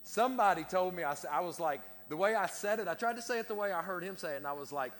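A man's voice: high voice, expressive, fast, a bit bright. A middle-aged man, preaching a sermon with casual, self-deprecating asides to his congregation. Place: church sanctuary. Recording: long church reverb.

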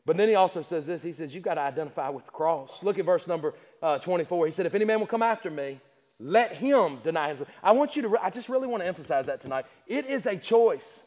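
A male preacher delivering a sermon at a church service, emphatic and repetitive, firing rhetorical questions and stumbling over quick restarts. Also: on the high side, lively intonation, darkish tone, long reverb tail. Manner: stammering restarts.

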